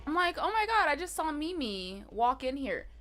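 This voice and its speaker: A woman's voice: high-pitched, sing-song, moderate pace, a bit bright. A young woman streaming live, chatting casually with her viewers and reading chat aloud, swearing now and then.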